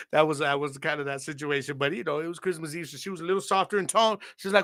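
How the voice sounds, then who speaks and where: A man's voice: high-pitched, fast. A man hosting a podcast, telling a childhood story in a casual, slangy way and talking straight to his listeners. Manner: animated, slangy, addresses audience directly. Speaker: podcast host.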